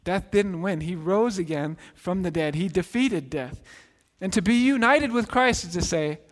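A man preaching a sermon as pastor, earnest and emphatic, dropping softer on key phrases. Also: high-pitched, moderate pace. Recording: long reverb in a large hall.

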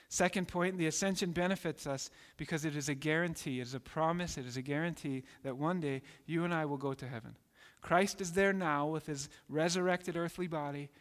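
Male preacher, emphatic sermon delivery, higher register, long reverb. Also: fairly bright tone. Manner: emphatic, acts out voices in quotes.

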